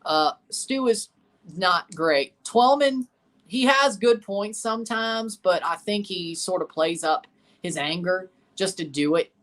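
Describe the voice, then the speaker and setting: His voice is high-pitched, expressive and fairly bright, and he talks slowly while hosting a casual livestream reaction to a soccer match. Answering chat, he's opinionated and blunt, returning to the same points repeatedly.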